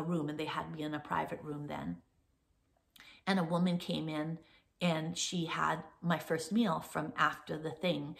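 A woman's voice: lowish voice, gravelly, a bit bright. An older woman hosting a casual show, telling a long personal story in a rambling way with many fillers and restarts. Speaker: host.

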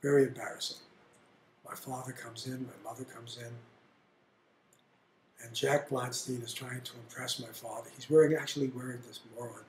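An older man telling family stories in an interview, blunt and animated. His voice sits at a medium pitch and rings in a roomy, echoey space. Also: normal speed, long pauses, slight background noise. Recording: roomy echo.

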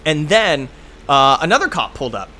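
A man's voice: on the high side, sing-song, moderate pace, pushed and bright. A young man telling a rambling story in a laid-back, casual way, full of "like" and "uh", while playing a game. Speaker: gaming video host. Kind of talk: casual gameplay commentary and storytime.

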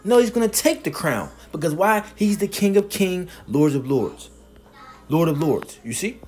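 A man preaching a sermon, reading scripture verses slowly and then explaining them, asking "you see?" again and again. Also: a little high, lively intonation, a little mellow, soft background music. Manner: emphatic, punctuates with "you see?".

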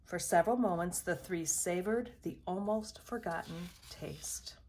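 A woman reading a children's picture book aloud in a measured storytelling voice. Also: fairly low pitch, darkish tone, slight background noise. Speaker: storybook reader.

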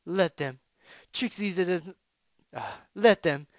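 A man's voice: high voice, slow pace, no room sound, studio quality, voice pushed up. Man putting on a haughty female unicorn magician, raised voice, third-person boasting, storybook reading.

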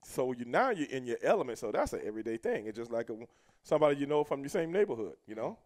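A middle-aged American man telling a road story casually, cursing a lot and shouting out the lines he quotes. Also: mid-range voice, quick pace. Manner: profane, animated, shouts when quoting himself.

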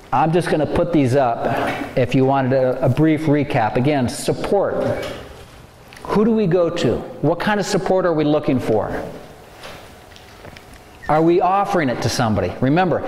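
A man giving a faith-based lecture on stress, animated and acting out worried inner voices. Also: a little high, unhurried, slight background noise. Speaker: speaker. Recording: echoey hall, faint ambience.

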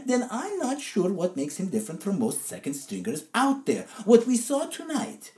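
A woman's voice: mid-range voice, wildly swooping pitch, normal speed, warm tone, roomy sound. A woman co-hosting a comedic football podcast, ranting in an indignant, sarcastic, theatrical way. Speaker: co-host and football analyst. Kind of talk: comedic sports podcast rant.

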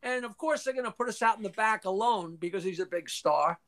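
A man's voice: high-pitched, fairly quick, fairly bright tone. Older man telling rambling showbiz stories. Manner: rambling anecdotes with restarts and quoted voices; profane, frequently clears throat. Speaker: interview guest. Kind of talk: casual storytelling interview.

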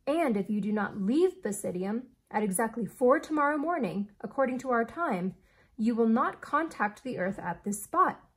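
A woman reading aloud as an eccentric male inventor who speaks in a formal, old-fashioned, deliberate way. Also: a little high, expressive, breathy edge.

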